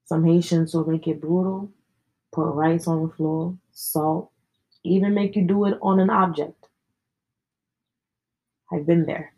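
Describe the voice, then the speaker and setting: A young woman with a low, husky voice talks casually on a podcast. Her tone is dark and mellow, and her delivery is slangy and candid, with a lot of profanity. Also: steady tone, a little slow, pauses often, poor audio. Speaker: podcast host. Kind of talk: casual storytelling chat.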